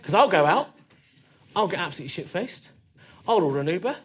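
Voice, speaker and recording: A man with a London accent does stand-up in a comedy club, talking in a high voice with a lot of movement. He is conversational and punchy and throws quick asides to the crowd. The live recording has a noisy audience behind him. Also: big pitch swings. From East London.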